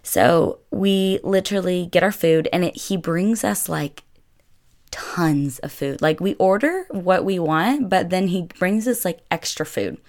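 A young woman with a low-pitched voice, chatting her way through a story. She talks casually and loosely, stringing her sentences together with lots of filler words. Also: lively intonation, a little slow, darkish tone. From United States. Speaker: vlogger.

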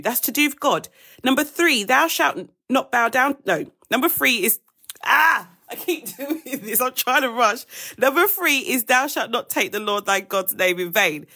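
Woman, high voice, live devotional host; casual Bible teaching, rushes and corrects herself mid-list. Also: sharp tone, husky. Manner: chatty, addresses viewers as guys, rushes and corrects herself. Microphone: phone or webcam on a live stream.

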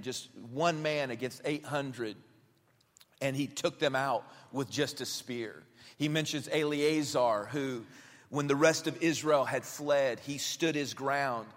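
A male pastor giving a sermon, telling stories in a relaxed, conversational way with many fillers and restarts. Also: mid-range voice. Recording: long hall reverb.

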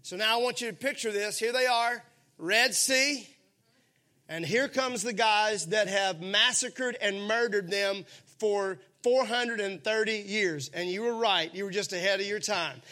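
A man preaching a sermon, animated and calling on the congregation to answer back. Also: high-pitched, measured pace. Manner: animated, calls for congregation responses. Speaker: pastor.

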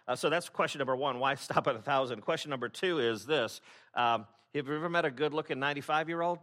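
A pastor with a bright, forceful, mid-range voice preaches a sermon to his congregation. His delivery is conversational and wry, and he keeps breaking off and restarting sentences.

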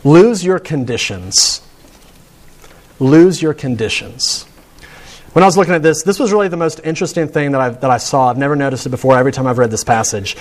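A man's voice: medium pitch, fairly even intonation, very fast, hardly any pauses. A man preaching a conversational sermon, telling stories and building to points with rising emphasis. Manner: chatty and storytelling, with frequent restarts and rising emphasis.

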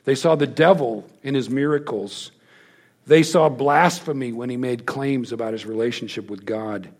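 Gravelly-voiced male preacher. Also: moderate pace. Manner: emphatic storytelling, drops to hushed lows. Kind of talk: sermon.

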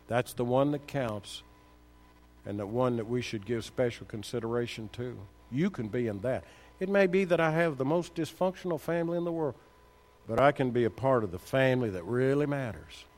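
A man preaching a sermon, firing rhetorical questions at the congregation and building to emphatic peaks. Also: mid-range voice.

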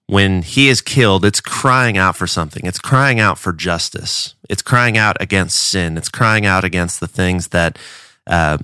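A man's voice: sits low, sharp tone, clean tone, dry recording, studio quality. A man from a church giving a casual devotional talk, earnest and conversational, often restarting his words.

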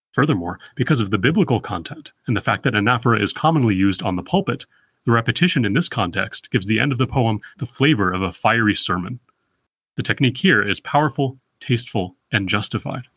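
A man hosting a poetry podcast, giving a careful, scripted close reading of a sonnet and slowing down to read verse lines aloud. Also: lowish voice, fairly bright tone, breathy edge, no echo. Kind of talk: scripted poetry analysis lecture.

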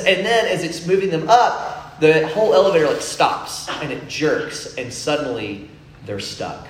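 A man's voice: fairly high pitch, lively intonation, normal speed. A young man preaching a sermon in a casual storytelling way, full of fillers, in a church hall. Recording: echoey room, faint ambience.

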